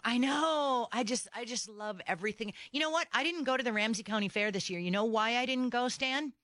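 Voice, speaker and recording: A woman hosting a talk radio show, ranting in an animated, exasperated and sarcastic way. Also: fairly high pitch, a little fast, no echo. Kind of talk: opinionated talk radio chat. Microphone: studio microphone.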